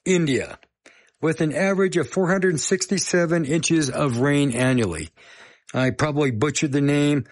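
A man's voice: on the high side, unhurried. A middle-aged man hosting a radio show, chatting casually between songs with rambling, self-deprecating asides.

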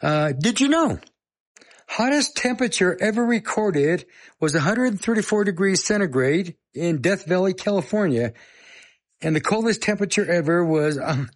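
A middle-aged man hosting a radio show, chatting casually between songs with rambling, self-deprecating asides. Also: fairly high pitch.

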